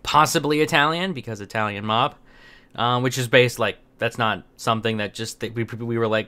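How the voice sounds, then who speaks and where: A man's voice: lowish voice, a little fast, bright, forceful tone, clean tone. A young man giving casual opinion commentary as host, rambling with many fillers and restarts.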